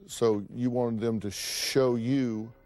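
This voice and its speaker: A man's voice: mid-range voice, steady tone, takes it slowly, a little mellow. A man hosting a TV talk show, questioning a guest with probing, leading questions in a studio. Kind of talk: studio interview.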